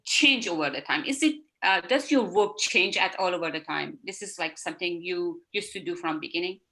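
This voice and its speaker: A woman's voice: fairly low pitch, normal speed, noisy background. A woman hosting an interview, speaking politely and a little hesitantly over a video call. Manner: polite, hesitant, formal phrasing. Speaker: host.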